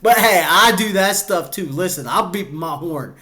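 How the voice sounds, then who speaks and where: A man's voice: high-pitched, expressive, moderate pace, pushed and bright. A young man hosting a reaction video, talking casually and chattily, and laughing often. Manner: chatty, laughs often, acts out quoted voices.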